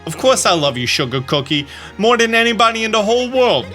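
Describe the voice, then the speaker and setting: A man voicing a lovestruck young henchman with earnest, crooning lines. The voice is bright and lively, with faint game music in the background. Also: sits high, quick pace, pitched above the performer's own voice, exaggerated voice. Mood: pleading. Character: sappy young male mob henchman in love.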